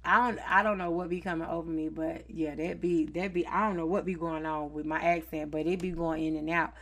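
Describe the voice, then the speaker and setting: A woman's voice: sits low, steady tone, brisk. A woman from North Carolina with a Southern accent, hosting a podcast in a chatty, easygoing, slangy way. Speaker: podcast host. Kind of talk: casual podcast chat.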